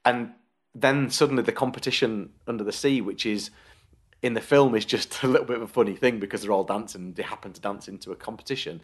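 A man's voice: lowish voice, quick pace, husky. A man co-hosting a podcast, talking through his opinions in casual chat, often restarting mid-thought. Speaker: podcast co-host.

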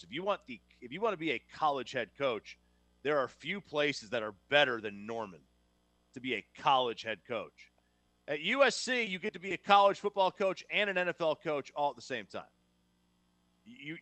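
A man from New Jersey co-hosting a casual sports talk show, emphatic and quick to restart his sentences. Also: on the high side, pushed and bright, no room sound. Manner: emphatic, repeats words when starting sentences. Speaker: sports radio co-host.

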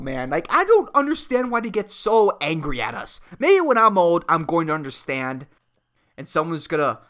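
With a slightly high, sharp-toned voice, a man in his twenties hosts a podcast and goes off on a solo comedic rant. He's profane and exasperated, leaning on plenty of fillers.

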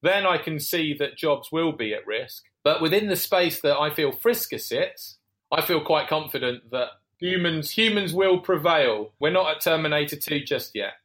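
Reflective man, slightly higher voice. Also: animated, moderate pace, fairly bright tone. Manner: reflective, uses fillers and self-corrections. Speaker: business founder, podcast guest. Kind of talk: conversational interview answers.

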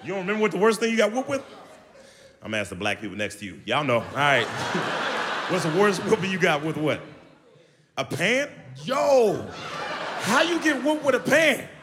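A man doing an animated stand-up comedy routine with playful crowd work, loud and lively, recorded live on stage. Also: high-pitched, moderate pace, long pauses, background noise. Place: live show venue with audience. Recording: live stage mic, hall echo, crowd laughter.

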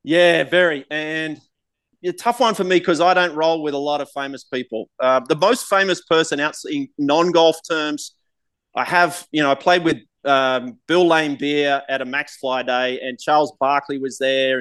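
A man's voice: on the high side, steady tone, normal speed, a bit bright, clear, resonant tone. A man in his forties with an Australian accent, telling candid, laughing stories as a guest on a casual podcast. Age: 40s. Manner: laughing, candid, swears freely. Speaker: guest, golf pro.

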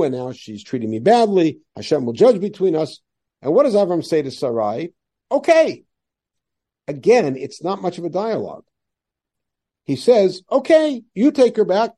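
Male rabbi lecturing, animated, pitch slightly high, dark tone. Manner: animated lecturer voicing quoted lines. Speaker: rabbi teaching a Bible class. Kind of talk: classroom lecture.

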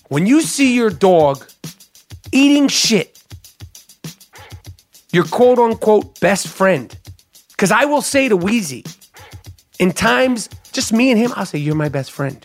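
A man hosting a solo comedic podcast, ranting in a profane, animated, mock-outraged way. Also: high voice. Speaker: podcast host.

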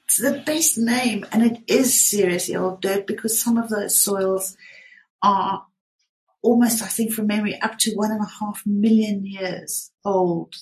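A woman's voice: mid-range voice, fairly even intonation, unhurried, low-quality recording. A woman hosting an interview, effusive and enthusiastic as she prompts her guest. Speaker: host. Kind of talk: radio interview.

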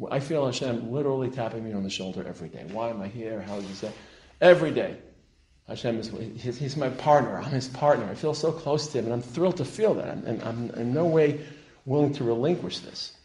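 A man delivers a sermon-style lecture with fervent conviction, his voice at an ordinary middle pitch. He builds to loud, emphatic peaks, weaving in Hebrew terms as he goes. The sound carries the roomy echo of a lecture hall. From Israel. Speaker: rabbi giving a lecture.

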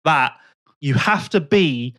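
A man's voice: fairly high pitch, lively intonation, slow, bright, forceful tone, dry recording, clean studio sound. A young man co-hosting a casual podcast, rambling and correcting himself. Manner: rambling, self-correcting, chatty. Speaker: podcast co-host.

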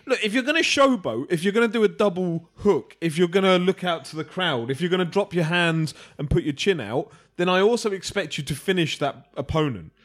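A man, co-hosting a casual boxing podcast, blunt and quick to laugh. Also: high-pitched, animated. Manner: blunt, laughs often, swears. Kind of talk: casual chat.

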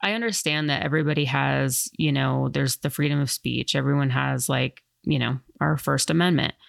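A woman's voice: rumbling low, moderate pace, creaky, dry recording, clean studio sound. A woman hosting a podcast and chatting casually, a firearms instructor who rambles with lots of fillers. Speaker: podcast host.

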